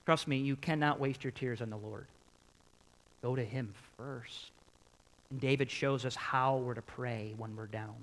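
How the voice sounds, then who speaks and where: A man's voice: medium pitch, unhurried, rough recording. A pastor preaching a sermon to his congregation, putting questions to his listeners and repeating key points for emphasis. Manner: animated, swinging from quiet to loud.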